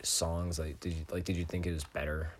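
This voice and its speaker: A man's voice: sits low, flat delivery, a little fast, a little hiss or hum. A young man co-hosting a casual podcast, rambling with lots of "like" and "bro" and laughing often. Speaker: podcast co-host. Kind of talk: casual chat.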